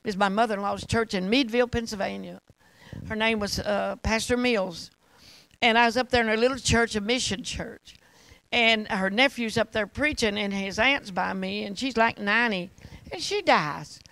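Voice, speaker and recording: A woman's voice: mid-range voice, moderate pace, creaky, no room sound, poor audio. An older woman preaching and telling stories, often laughing as she talks. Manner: laughing storyteller, animated. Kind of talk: testimony sermon with anecdotes.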